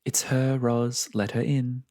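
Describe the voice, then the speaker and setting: A man's voice: mid-range voice, little pitch movement, slow pace, darkish tone. A man voicing a friendly young woman in a fantasy story reading, speaking chirpily and affectionately, well above his own voice.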